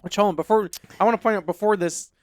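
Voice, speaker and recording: A man co-hosting a podcast, telling stories in casual, animated chat. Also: high-pitched, fast talker, dry recording, studio quality. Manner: animated storytelling. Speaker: podcast co-host. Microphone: dynamic podcast microphone.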